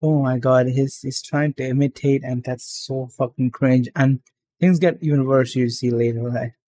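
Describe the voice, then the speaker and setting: A man's voice: mid-range voice, fairly even intonation, normal speed, warm tone. A young man ranting profanely and with exasperation while commenting on a reaction video.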